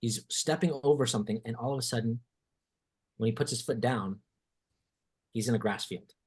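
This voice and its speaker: A man hosting a podcast, telling a story in casual chat, animated and swearing casually, acting out what people said. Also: mid-range voice, a little fast, slightly rough. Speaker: podcast host.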